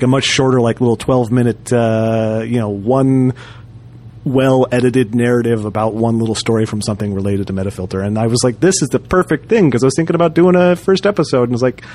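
A man's voice: medium pitch, darkish tone. A man talking loosely on a podcast, drifting through stories with plenty of "uh" and "you know." His voice sits in an ordinary middle register, and he keeps circling back to restart his sentences. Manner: rambling, many fillers and restarts. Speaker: podcast co-host. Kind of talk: casual chat.

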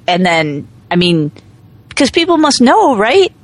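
A woman co-hosting a casual talk podcast, her pitch swinging animatedly as she chats. She tells stories in a rambling, chatty way, full of quick asides, and her voice sits a little high. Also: big pitch swings, no room sound. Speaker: podcast co-host. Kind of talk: casual chat.

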